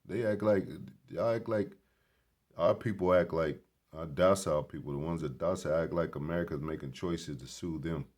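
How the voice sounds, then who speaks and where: A man with an extremely deep, low voice talks his way through a casual vlog. He rambles in an emphatic, sermon-like way, blunt and quick to swear. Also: darkish tone. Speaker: vlogger. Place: grocery store.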